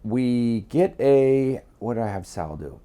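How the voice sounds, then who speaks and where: A man's voice: mid-range voice, expressive, slow, mellow. A middle-aged man from Miami, telling a blunt, profane story as a guest. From Miami, United States. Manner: blunt, swears freely, acts out quotes.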